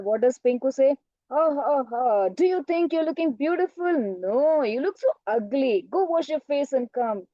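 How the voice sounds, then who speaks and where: A woman's voice: a little high, dark tone, no echo, muffled recording. A woman teacher telling a story in an online class, often asking questions and checking "right?". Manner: asks the class questions, frequent "right?" and "okay". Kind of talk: storytelling lesson for children.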